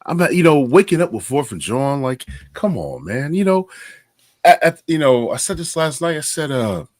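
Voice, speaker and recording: A man co-hosting a casual sports podcast, excitable and animated, telling stories with casual slang. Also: a little high, normal speed, dry recording, clean studio sound. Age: adult. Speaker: podcast co-host.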